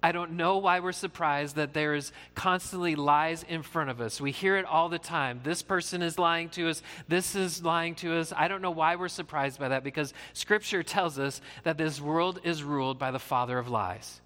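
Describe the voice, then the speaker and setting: A man's voice: a little high, moderate pace, sharp tone, long reverb tail. A man who is a pastor, giving an earnest, conversational sermon with frequent fillers.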